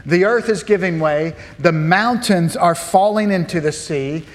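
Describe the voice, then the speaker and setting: A man preaching from the pulpit with a slightly high voice, earnest and full of rhetorical questions. His words ring out with the long reverb of a large church sanctuary. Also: measured pace. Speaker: pastor. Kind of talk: sermon.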